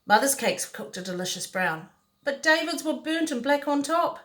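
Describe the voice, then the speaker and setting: A woman's voice: high voice, expressive, moderate pace, a bit bright. A woman reading a picture book aloud, playful, with chatty asides to the listener. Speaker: storyteller.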